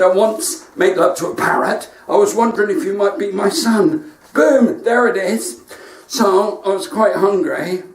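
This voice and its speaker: A male comedian with a West Country accent fires off one-liners and chats to his online viewers. His voice sits a little high, and it comes from some way back from the mic. The room around him echoes. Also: far from the mic. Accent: West Country English. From West Country, England. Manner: cheeky joke-telling with asides to viewers. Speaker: stand-up comedian. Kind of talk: stand-up comedy livestream.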